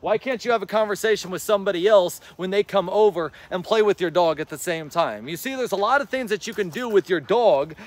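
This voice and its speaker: A man vlogging outdoors while he plays fetch with his dog. He gives casual, rambling advice to his viewers and calls out to the dog in an excited, encouraging voice. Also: sits high, a little fast, few pauses. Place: outdoors, in a yard.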